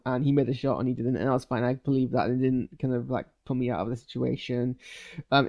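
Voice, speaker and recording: A man's voice: mid-range voice, dark tone, lo-fi sound. A man giving a rambling, casual live reaction to a show's finale, full of fillers and restarts. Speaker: show reviewer.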